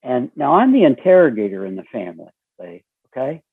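A man with a raspy voice telling a story as an interview guest, acting out the dialogue with lively shifts. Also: mid-range voice, fairly quick, dry recording. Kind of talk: storytelling conversation. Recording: tinny phone line.

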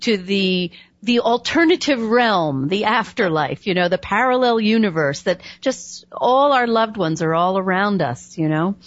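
A woman hosting a conversational interview, an animated storyteller who laughs often. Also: mid-range voice, a little slow, no room sound, dull audio. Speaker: host.

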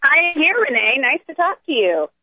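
Woman chef guest, relaxed and talkative, tinny phone-line call-in sound. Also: high voice, normal speed, no echo. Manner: chatty, easygoing. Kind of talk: phone-in interview.

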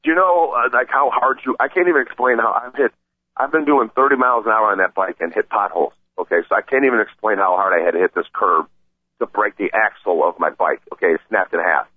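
Excited rambling man on a tinny line. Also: fairly low pitch, fast, breathy edge, dry recording. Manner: excited, rambling, stammering retelling. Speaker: podcast regular telling a story. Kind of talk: casual storytelling. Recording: tinny phone-like sound.

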